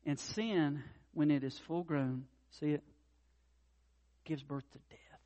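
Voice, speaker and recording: A middle-aged man preaching a sermon as pastor, earnest, dropping soft and low then rising to loud impassioned peaks. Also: steady tone, slow, highs cut off. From North Carolina.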